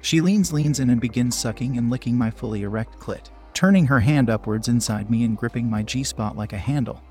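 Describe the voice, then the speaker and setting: A man narrating a first-person story aloud in a slow, hushed reading voice. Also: mid-range voice, breathy edge, soft background music.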